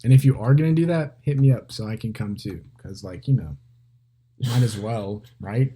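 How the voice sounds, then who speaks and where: A man's voice: fairly low pitch, moderate pace, warm tone, a little hiss or hum. A man co-hosting a casual podcast in a laid-back, agreeable way, chiming in with short remarks. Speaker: podcast co-host.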